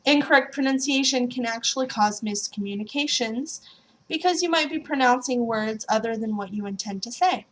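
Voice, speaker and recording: A woman's voice: a little high, fairly bright tone. A woman teaching French pronunciation, modeling nasal vowels and having learners repeat drill words after her. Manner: slow, demonstrates sounds and repeats drills. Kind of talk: language lesson.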